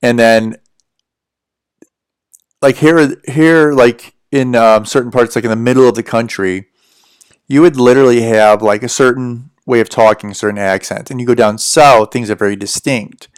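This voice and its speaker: A man's voice: medium pitch, fairly even intonation, normal speed, clear, resonant tone, dry recording, clean studio sound. Chatty American man on a livestream. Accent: General American. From United States. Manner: rambling, chatty, answers viewer questions. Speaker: livestream host. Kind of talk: casual livestream chat.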